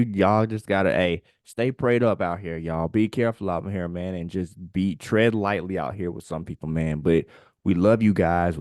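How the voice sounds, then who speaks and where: A man's voice: low voice, a little mellow, no room sound, studio quality. A man co-hosting a casual podcast, urging listeners in a preachy way and ending lines with "man". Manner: preachy, repeats "man" at line ends. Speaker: podcast co-host.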